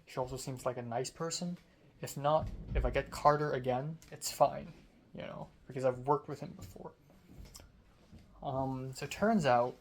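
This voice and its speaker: A sleepy young man from Hong Kong, a student telling a rambling casual vlog story, talking slowly with many fillers. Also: medium pitch, a little hiss or hum. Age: young adult. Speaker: student vlogger.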